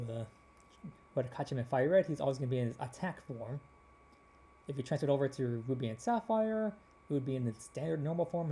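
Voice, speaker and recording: A man hosting a gaming video, rambling casually with many restarts, his voice a little hoarse. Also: medium pitch, warm tone, a little hiss or hum. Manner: rambling, with frequent restarts and fillers. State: slightly hoarse. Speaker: gaming channel host.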